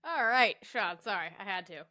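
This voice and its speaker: A woman's voice: mid-range voice, lively intonation, moderate pace, loud music behind the voice. A woman co-hosting a podcast in casual chat, teasing and laughing with her partner. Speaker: podcast co-host.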